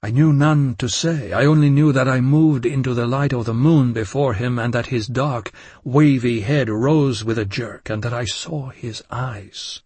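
A man giving a measured, intense first-person audiobook narration of a dark story. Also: mid-range voice, husky, no echo.

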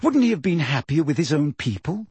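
A man voicing a frightened, clever teenage girl who speaks in a shrill, agitated way in an audiobook. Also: big pitch swings, brisk, darkish tone, husky, no echo, full character voice. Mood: incredulous. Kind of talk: audiobook character voice.

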